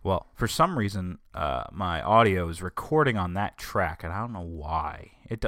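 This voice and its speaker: A man's voice: sits low, fairly bright tone, no room sound, clean studio sound. A man hosting his own podcast, talking casually and rambling, griping about his week with wry humor. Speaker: podcast host. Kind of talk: casual solo podcast talk.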